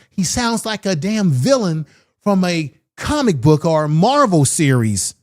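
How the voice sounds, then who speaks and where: A man's voice: high-pitched, big pitch swings, measured pace. Emphatic man doing political commentary. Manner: emphatic, rhetorical questions. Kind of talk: opinionated commentary.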